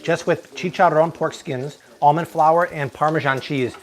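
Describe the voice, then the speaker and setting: A man's voice: on the high side, fairly even intonation, moderate pace, slight background noise. A man hosting a live cooking demonstration in his kitchen, talking enthusiastically and exclaiming over the food. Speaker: cooking show host. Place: home kitchen.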